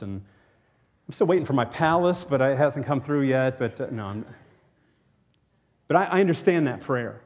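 A man's voice: medium pitch, expressive, moderate pace. A man raised in Tennessee, preaching a sermon as pastor, earnest and rambling with many restarts. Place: church.

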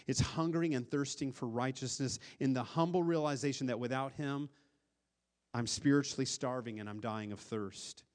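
A pastor preaching a sermon, earnest, with a voice that swells louder and then drops to a hush, often repeating words as he restarts. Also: mid-range voice, normal speed. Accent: Upper Midwest American.

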